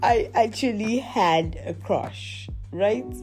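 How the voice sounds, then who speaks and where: This podcast host speaks slowly in a medium pitch, with faint music behind her. Her confessional story comes out chatty and animated, peppered with laughing asides addressed to herself.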